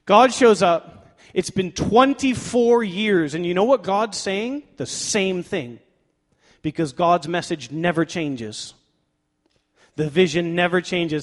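A male pastor preaching a sermon in a conversational way, swinging from loud emphatic bursts to quiet asides and joking with himself. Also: high-pitched, takes it slowly. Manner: conversational with fillers like "like" and playful self-talk. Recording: long reverb of a large hall.

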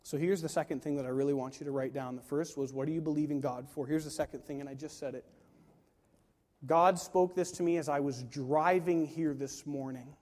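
Male pastor, high voice, emphatic delivery, long hall reverb, sermon. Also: fairly even intonation, a little fast, darkish tone. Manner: emphatic, rhetorical questions, acts out quoted voices. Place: large room with a live congregation.

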